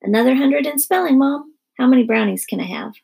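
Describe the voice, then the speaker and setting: A woman's voice: high voice, a little fast, gravelly, darkish tone, breathy edge, voice pushed up, exaggerated voice. A woman voicing a boastful, teasing nine-year-old boy. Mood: cocky.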